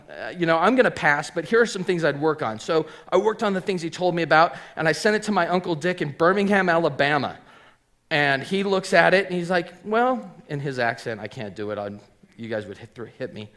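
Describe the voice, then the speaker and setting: A middle-aged man who owns a hat shop, telling his personal story as an animated storyteller, acting out the voices of people he quotes and often saying um and like. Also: fairly high pitch, a little fast. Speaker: hat maker and shop owner.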